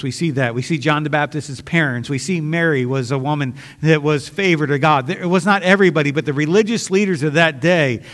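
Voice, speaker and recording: Man preaching a sermon, earnest, conversational, restarts often, higher voice, long hall reverb. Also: a bit bright. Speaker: pastor.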